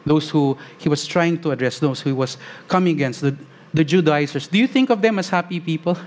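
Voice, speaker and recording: A man preaching a sermon as pastor, earnest, slowing on key phrases and rising as he reads scripture aloud. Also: fairly high pitch.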